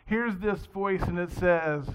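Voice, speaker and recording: A man's voice: sits high, expressive, moderate pace, creaky, a bit bright. A man preaching a sermon in a conversational, storytelling way, in a dull lo-fi recording. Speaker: pastor. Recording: dull lo-fi sound.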